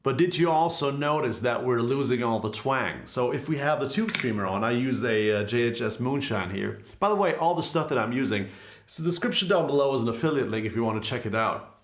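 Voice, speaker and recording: A man's voice: medium pitch, animated, fairly quick. A man in a casual guitar lesson, explaining pedal tones in a loose, conversational way with frequent fillers. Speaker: guitar teacher. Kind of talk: casual gear demonstration. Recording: echoey room with faint guitar music.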